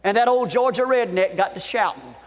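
A man preaching a fervent revival sermon, shouting and repeating his refrains, recorded at a conference. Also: high-pitched, big pitch swings, a little fast, long reverb tail, noisy background. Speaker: guest preacher.

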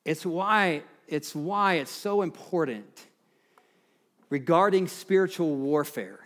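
A man's voice: a little high, animated, slow, fairly bright tone. A man preaching a sermon as pastor, building with passion and emphasis on key phrases.

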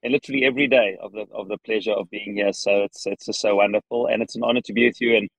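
A man with a South African accent, a podcast guest answering questions earnestly from his parked car, with frequent restarts and pauses. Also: fairly low pitch, steady tone, vocal fry, a bit bright, no echo, poor audio. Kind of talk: thoughtful interview answers.

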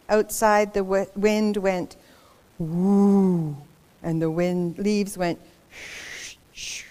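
A woman reading a children's picture book aloud, expressive and dramatic, pausing for asides to young listeners. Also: mid-range voice. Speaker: storybook reader.

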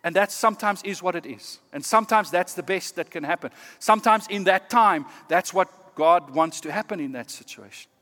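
A pastor giving a sermon in an earnest, measured way, often dropping to a quiet, emphatic tone. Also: male voice, high voice, big-room sound.

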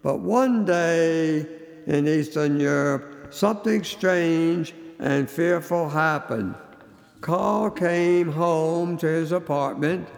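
A man preaching a sermon as a story, with a slow, emphatic, dramatic delivery. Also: on the high side, vocal fry. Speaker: radio preacher. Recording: long hall reverb.

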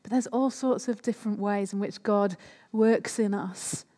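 A woman's voice: medium pitch, fairly even intonation, measured pace, mellow. A woman preaching a sermon in a conversational way, often turning to the listeners with questions. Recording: long hall reverb.

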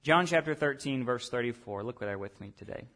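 A pastor preaching a sermon to a church congregation, asking them direct questions and moving between quiet asides and loud emphatic points. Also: male voice, mid-range voice, animated, fairly quick.

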